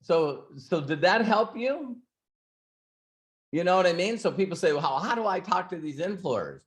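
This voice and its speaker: A man's voice: high voice, very animated, moderate pace. Rambling male host telling a story. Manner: rambling, frequent restarts and asides. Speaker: host of an ask-me-anything session. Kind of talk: casual storytelling and advice.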